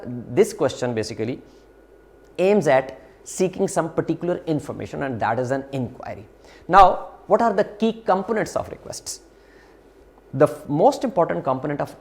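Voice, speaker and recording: A man lecturing to a university class, explaining slowly with frequent fillers, restarts and repeated phrases. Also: fairly high pitch. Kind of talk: recorded lecture.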